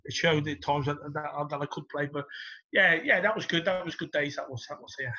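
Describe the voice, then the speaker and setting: A middle-aged former footballer, telling stories casually, swearing and laughing a lot. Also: male voice, a little high, fairly quick. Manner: swears a lot, laughs through stories, gets loud when excited. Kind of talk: casual storytelling interview. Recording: dull lo-fi audio.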